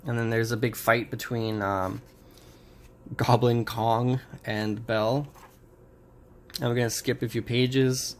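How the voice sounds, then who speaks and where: A man casually summarizing and reviewing a comic book, talking in a halting way with many pauses and restarts. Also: medium pitch, steady tone.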